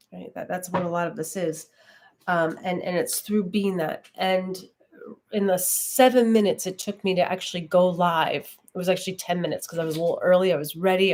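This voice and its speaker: A woman's voice: on the low side, a little mellow. A woman leading an online class, talking in a reflective, conversational way with frequent fillers. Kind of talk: casual live-stream teaching.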